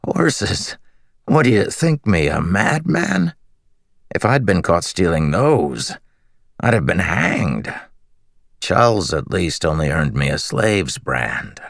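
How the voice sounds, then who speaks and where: A man voicing a raspy, scraggly bearded male slave in an audiobook, a thief proud of his own daring who talks in a chummy way. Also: a bass voice, slow, no room sound, studio quality, voice pushed up, full character voice. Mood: boastful, amused. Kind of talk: audiobook character reading.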